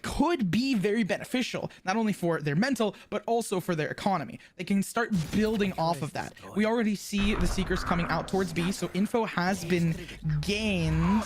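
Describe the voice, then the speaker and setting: An esports co-caster calling plays in quick bursts, laughing easily and hedging with fillers. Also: medium pitch, background noise. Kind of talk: play-by-play commentary.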